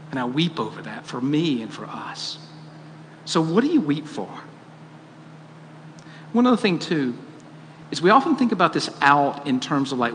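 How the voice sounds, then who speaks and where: A man's voice: mid-range voice, a bit bright, a little hiss or hum. A man preaching a sermon, earnest and questioning, rising to emphatic peaks. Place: church auditorium. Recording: long hall reverb, faint ambience.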